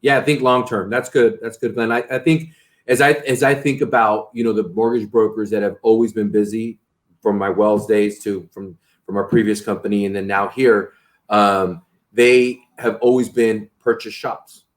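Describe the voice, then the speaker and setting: A man's voice: on the low side, fairly even intonation, normal speed. A man hosting a casual interview, rambling with many restarts and tag questions. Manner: rambling, frequent restarts and "right?" tags. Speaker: interview host.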